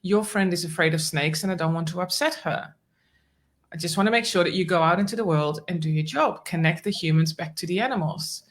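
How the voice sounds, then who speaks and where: A woman voicing a calm male snake spirit guide, speaking matter-of-factly while retelling a story in conversation. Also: lowish voice, brisk, natural voice. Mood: calm, earnest.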